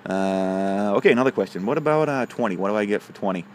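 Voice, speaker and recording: A man's voice: on the low side, animated, quick pace, a little hiss or hum, lightly acted. A man voicing a cocky young farm lad who asks eager, rising questions.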